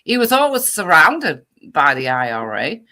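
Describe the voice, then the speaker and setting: A woman's voice: low-pitched, very animated, normal speed, sharp tone, no echo. A woman on a live stream panel, challenging another guest with probing questions.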